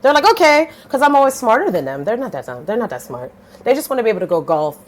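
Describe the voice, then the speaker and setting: A woman in her thirties, a podcast guest telling her story in a lively, blunt way, swearing casually and switching voices when she quotes people. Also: quick pace. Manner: animated, swings pitch widely when quoting others.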